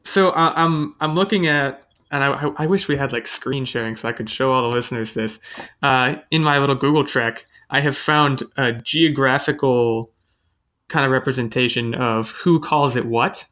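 Bright-voiced chatty podcast host. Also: male voice, mid-range voice, normal speed. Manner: chatty, self-mocking, thinks aloud with restarts. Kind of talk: casual podcast chat.

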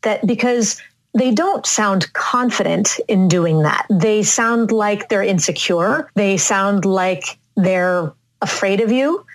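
A woman speaking coach in a conversational interview, explaining vocal tone slowly and deliberately and sometimes demonstrating inflections. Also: mid-range voice, poor audio.

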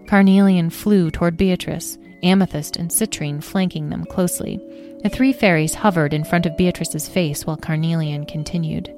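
Brief: woman storybook narrator, lowish voice, gentle and expressive, faint music behind. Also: normal speed.

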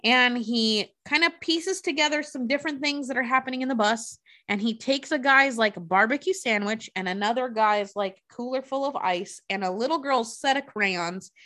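A woman's voice: on the high side, normal speed, hardly any pauses, pushed and bright. Chatty, profane woman recapping a movie. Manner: profane, chatty, acts out characters' lines. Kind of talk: casual movie recap storytelling.

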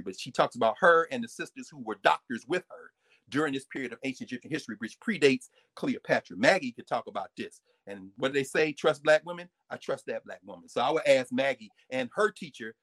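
A man, a professor, talking in an energetic storytelling way and acting out little asides and voices. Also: mid-range voice, no room sound. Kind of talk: animated lecture-style talk.

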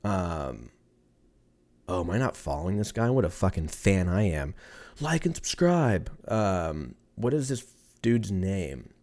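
A man's voice: deep voice, expressive, a little slow, a little mellow. A man in his thirties hosting a podcast on his own, rambling, swearing casually and laughing at his own jokes. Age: 30s. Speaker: podcast host. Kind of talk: casual solo podcast chat.

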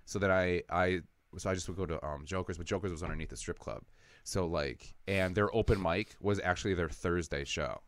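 Man from wisconsin, very low voice, animated comedy stories, dry close sound. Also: a little fast, no echo. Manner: animated storyteller, acts out quotes. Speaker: comedian, podcast co-host. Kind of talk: casual chat, storytelling.

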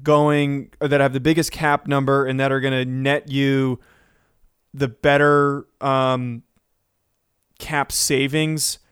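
A man co-hosting a sports podcast who lays out his case in a measured way and keeps the talk on track. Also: medium pitch, flat delivery, fairly bright tone, clear, resonant tone, no echo, studio quality. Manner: measured, steers the talk, restarts often. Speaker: podcast co-host.

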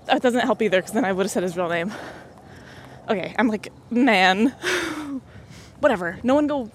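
Young adult, podcast host, casual story, frequent laughter, voices quoted people, middle pitch. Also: expressive, moderate pace, slight background noise. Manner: laughs often, acts out quoted dialogue.

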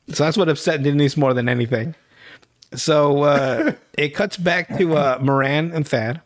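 A man's voice: a little high, measured pace. A man hosting a podcast, casually recapping a show in a profane, rambling storytelling way. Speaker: podcast host.

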